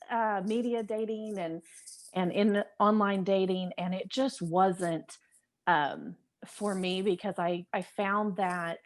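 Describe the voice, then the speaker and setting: A woman on a panel discussion, speaking candidly and reflectively. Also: medium pitch.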